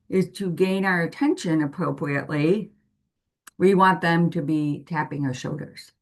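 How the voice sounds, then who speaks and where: Slow, patient woman explaining to parents. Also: medium pitch, a bit bright. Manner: patient, gives everyday examples. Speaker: parent guide presenting to families.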